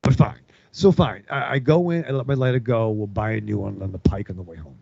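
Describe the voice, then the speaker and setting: A man's voice: fairly low pitch, fairly quick, vocal fry, darkish tone, husky, no room sound. A man co-hosting a podcast, telling a long story with lots of swearing and acting out other people's lines. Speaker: podcast co-host. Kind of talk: casual storytelling with profanity. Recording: dull, dry podcast audio.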